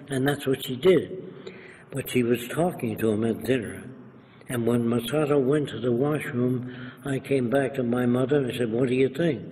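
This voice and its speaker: A man's voice: mid-range voice, steady tone, normal speed, dark tone. Older New man telling stories. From New York. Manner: lecturing, acts out other people's voices. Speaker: interviewee. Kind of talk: anecdotal storytelling. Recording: echoey room, faint hiss.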